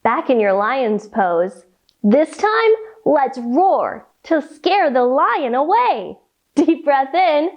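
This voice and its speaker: Slow, sing-song woman leading kids' yoga. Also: high-pitched, very animated, muffled recording. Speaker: kids' yoga teacher reading a story. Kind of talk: storytime yoga lesson for children.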